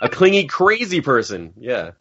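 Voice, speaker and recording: A man's voice: a little high, huge pitch swings, normal speed, a bit bright. A man in casual podcast chat, laid-back, chiming in briefly. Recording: dull lo-fi podcast audio.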